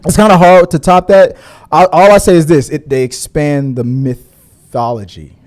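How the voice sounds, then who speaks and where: A man's voice: on the high side, steady tone, normal speed, darkish tone. A man co-hosting a casual movie podcast, joking and laughing often as he talks. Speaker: podcast co-host. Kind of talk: casual chat.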